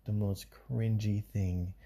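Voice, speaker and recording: A man's voice: lowish voice, steady tone, slow, gravelly, warm tone, slightly rough. A man co-hosting a podcast in casual chat, talking in a loose, rambling way with lots of fillers. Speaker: podcast co-host.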